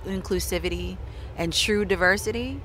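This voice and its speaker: A country singer, chatting earnestly and excitedly as an interview guest backstage at a festival. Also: female voice, lowish voice, normal speed, slight background noise. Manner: bubbly and earnest, with filler words like "like". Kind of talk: casual interview chat.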